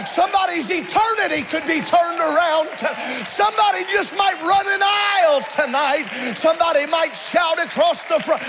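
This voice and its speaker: High-voiced shouting preacher. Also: male voice, background noise. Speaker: pastor. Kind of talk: fiery apostolic sermon. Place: church sanctuary with congregation.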